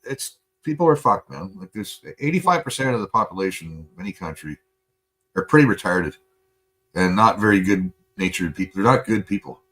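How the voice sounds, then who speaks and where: Profane ranting Canadian man, low voice. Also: expressive, a little fast, fairly bright tone, husky. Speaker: podcast host. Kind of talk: casual chat.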